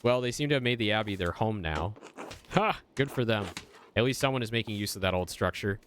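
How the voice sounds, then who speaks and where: A man reading a kindly older former monk in a game, in a lowered, measured voice. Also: lively intonation, a bit bright, a little hiss or hum. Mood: amused.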